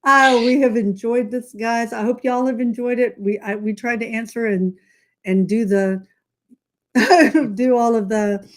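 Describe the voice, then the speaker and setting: A woman with a light Southern US drawl hosting a casual live chat, talkative and quick to laugh at herself, heard over a video call. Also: fairly high pitch, fairly even intonation. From Southern United States. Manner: chatty, laughs often, self-mocking. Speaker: host.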